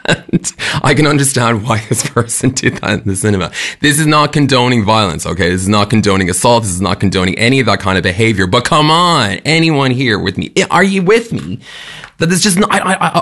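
A young Irish man hosting a breakfast radio show, telling a rant with an animated, chatty manner and frequent laughs. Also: mid-range voice, a little fast. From Ireland. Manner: animated, ranting, laughs often.

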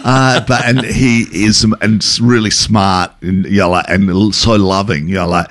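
Deep-voiced man, hesitant radio guest. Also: fairly even intonation, moderate pace, a bit bright. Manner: hesitant, stammering, frequent fillers. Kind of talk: casual radio banter. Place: radio studio.

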